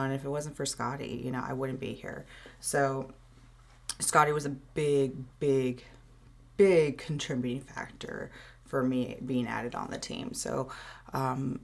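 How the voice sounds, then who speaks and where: A woman's voice: very deep voice, gravelly. A woman hosting her show, talking emotionally and rambling with many fillers in a casual tribute. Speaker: host.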